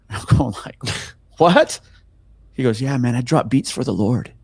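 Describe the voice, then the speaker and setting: The voice belongs to a middle-aged cop: medium pitch, normal speed, with a breathy edge, in a dry recording. Telling a story in a laid-back interview, he curses a lot and acts out the voices of the story's people with energy.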